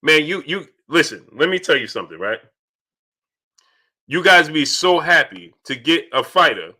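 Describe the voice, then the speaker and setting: A young man hosting a casual live stream, reading viewer chats aloud and answering them in an animated way that repeats itself. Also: on the high side, moderate pace. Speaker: livestream host reading super chats. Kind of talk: casual livestream chat.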